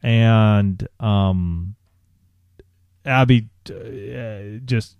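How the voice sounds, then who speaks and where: A man co-hosting a podcast, telling a candid personal story in a halting way, with many restarts and fillers. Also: on the low side, creaky, smooth, no room sound, muffled recording. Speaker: podcast co-host.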